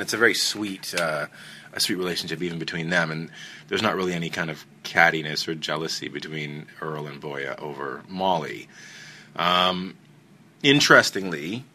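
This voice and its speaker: A man's voice: deep voice, pushed and bright, slight background noise. A man hosting a podcast, casually reviewing a film in a rambling, enthusiastic way with many fillers and restarts.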